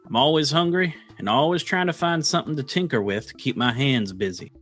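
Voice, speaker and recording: A man's voice: mid-range voice, expressive, brisk, a bit bright, soft background music, close to an everyday voice. A man voicing a restless male aviation engineer and war veteran, blunt and eager in manner.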